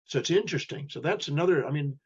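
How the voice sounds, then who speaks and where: Man, husky, guest storyteller acting out dialogue, slightly dull lo-fi recording. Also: a little high, lively intonation, quick pace. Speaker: guest, human behavior specialist. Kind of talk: storytelling in a podcast interview.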